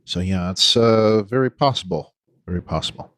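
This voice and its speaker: A man hosting a casual podcast chat, talking hesitantly with many "you know"s and pauses. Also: low voice, fairly bright tone, no room sound. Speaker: podcast host.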